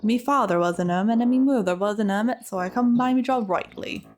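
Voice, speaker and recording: A woman voices a chatty old male cave hermit in a cheery ramble, using a put-on accent and folksy dialect grammar. Her lightly acted delivery has a medium pitch, moderate pace, and darkish tone, with faint music behind.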